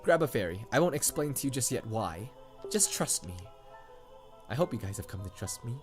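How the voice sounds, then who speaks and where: Let's play host, man, mid pitch; casual, rambling, jokey, game music under. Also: very animated, a little fast. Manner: chatty, rambling, joking. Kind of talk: game commentary. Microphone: condenser mic.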